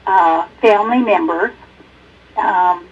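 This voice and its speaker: Woman, caller testifying, earnest and halting, husky voice, faraway muffled phone line. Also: medium pitch. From Alaska. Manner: earnest, halting, many fillers. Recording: distant muffled telephone line.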